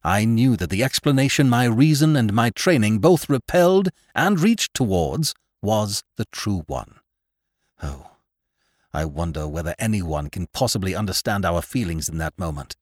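A man reading a first-person horror story as an audiobook narrator, hushed and suspenseful, swelling on tense moments. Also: fairly low pitch, very animated, moderate pace, hardly any pauses, no echo, clean studio sound.

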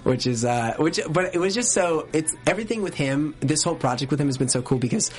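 A man's voice: a little high, quick pace. A young man, a musician guest in a casual interview, telling stories with lots of laughs and acted-out quotes. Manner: animated storyteller, acts out quoted voices; laughs often, many likes and restarts.

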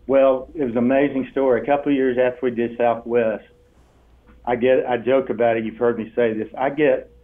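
An older man with a drawl tells stories as an interview guest, bringing the people he quotes to life with laughter in his voice. His pitch sits mid-range for a man. The sound is tinny and thin, as if over a phone line. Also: fairly quick. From Texas. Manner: animated storyteller, acts out quoted voices with laughs. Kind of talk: storytelling interview.

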